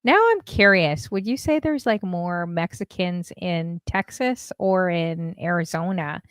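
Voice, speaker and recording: A woman's voice: fairly low pitch, measured pace, clean tone, dry recording. A woman from Canada hosting a casual interview, bubbly and chatty, saying "like" often. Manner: bubbly, chatty, with lots of "like" and laughter. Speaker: podcast host.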